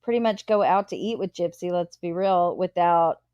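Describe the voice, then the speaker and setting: A woman hosting a casual live chat, blunt and quick to swear and laugh. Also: on the low side, a little mellow, no room sound, dull audio. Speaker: host.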